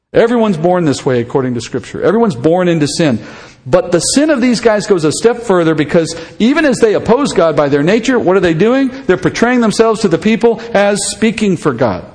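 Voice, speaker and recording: A man's voice: high-pitched, a little mellow, in a large hall. A man preaching an expository sermon, speaking conversationally and putting questions to his listeners. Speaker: pastor.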